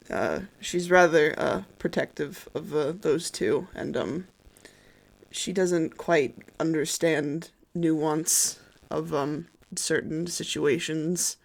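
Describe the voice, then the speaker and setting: A game master voicing a nervous, kindly young man in a tabletop role-play, with halting, stumbling speech full of fillers. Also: mid-range voice, vocal fry.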